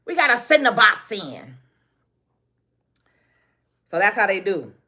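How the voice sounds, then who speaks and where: A woman's voice: mid-range voice, sing-song, takes it slowly, pushed and bright. A woman with a Chicago accent ranting on a casual phone livestream, blunt and repetitive, with street slang. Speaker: livestream host.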